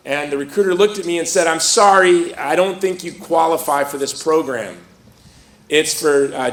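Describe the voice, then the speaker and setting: A middle-aged man giving a speech at a rally, telling stories in an animated way and joking about himself. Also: on the high side. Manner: animated storytelling, self-mocking humor. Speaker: speaker at a rally. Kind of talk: storytelling speech. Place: stadium. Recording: roomy stadium sound.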